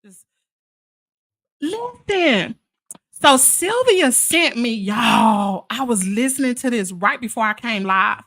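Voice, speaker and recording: A woman's voice: fairly high pitch, expressive, slow, pauses often, fairly bright tone, no echo, clean studio sound. A woman from Mississippi, hosting a casual live chat with viewers in a chatty, sassy way. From Mississippi, USA. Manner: chatty and sassy, calls viewers "child" and "honey". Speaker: live stream host.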